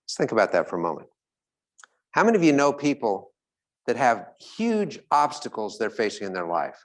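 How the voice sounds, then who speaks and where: A man giving a live motivational talk to an audience. He speaks at an ordinary middle pitch and stays animated throughout. He laughs often and slips into little character voices to make his points. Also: moderate pace.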